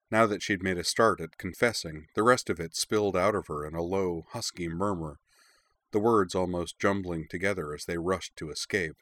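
A man narrating a story in a measured, expressive reading. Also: sits low, no room sound. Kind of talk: audiobook narration of fan fiction.

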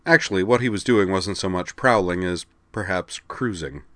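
Man, very low voice, steady story narration, dry sound. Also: normal speed, no echo. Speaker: story reader. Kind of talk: audiobook narration.

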